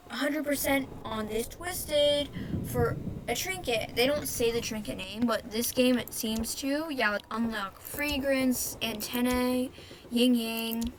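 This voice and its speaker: A woman's voice: high voice, background noise. A young woman giving rambling, casual commentary over a video game and often correcting herself mid-sentence. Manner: rambling, self-correcting, chatty. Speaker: gaming video host.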